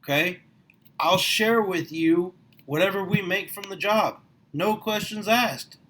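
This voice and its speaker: Fired-up middle-aged man, high bright voice. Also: measured pace, slight background noise, poor audio. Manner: passionate, gets louder and higher as he gets excited. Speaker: small business owner recruiting for network marketing. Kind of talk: motivational vlog monologue.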